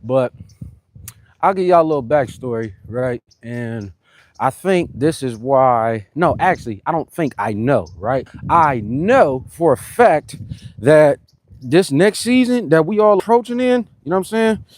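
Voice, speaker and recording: Chatty man on a fitness livestream, higher-pitched voice, dry close sound, rambling and friendly with his viewers. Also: expressive, a little slow, no room sound. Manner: loose and rambling, greets commenters, keeps saying "you know what I'm saying". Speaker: fitness live-streamer. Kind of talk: casual live-stream chat to viewers.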